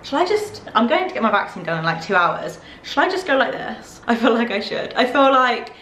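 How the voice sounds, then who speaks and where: A British woman of about twenty, gushing and excitable, chatting through a casual try-on haul vlog. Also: fairly high pitch, a little fast, reverberant, slight background noise. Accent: British English. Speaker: fashion vlogger. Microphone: camera mic.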